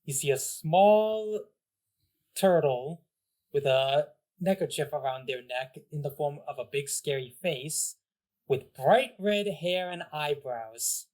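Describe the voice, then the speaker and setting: A man's voice: fairly high pitch, animated, takes it slowly, darkish tone. A man narrating a tabletop game as game master, rambling with many fillers and laughs.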